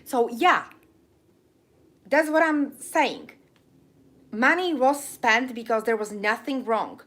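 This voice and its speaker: A woman running a live stream gets heated and emotional, ranting and stopping to read viewer chat, in an accent she herself calls funky. Her voice is a little high and a bit bright, with lively intonation but a slow pace.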